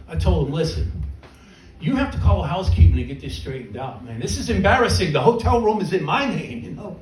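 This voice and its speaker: A man's voice: high-pitched, very animated, normal speed. A middle-aged man doing a stand-up comedy set, rambling and self-mocking. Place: comedy club stage. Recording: roomy club from a distance with crowd laughter.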